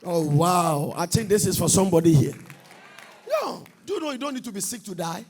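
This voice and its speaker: A man with a Ghanaian accent preaching a sermon with fervor, shouting and half-singing his lines and swinging his pitch widely. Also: sing-song, a little fast, a crowd in the background, background noise. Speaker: prophet preaching.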